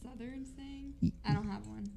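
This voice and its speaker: A woman's voice: on the high side, steady tone, normal speed, vocal fry, background noise. A woman on a live chat show, blunt and opinionated.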